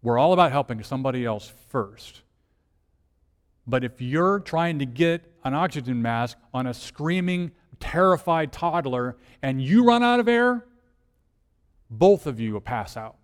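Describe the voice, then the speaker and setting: A lead minister giving a conversational sermon, asking rhetorical questions and swinging between soft, hushed lines and emphatic ones. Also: male voice, medium pitch, animated, measured pace, clean tone, big-room sound.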